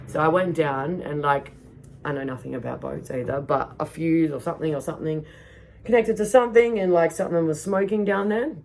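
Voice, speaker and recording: A woman's voice: sits low, a little fast, vocal fry, darkish tone, a little hiss or hum. A woman hosting a podcast, telling travel stories casually, swearing freely and laughing often. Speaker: podcast host. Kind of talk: casual storytelling monologue. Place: backyard.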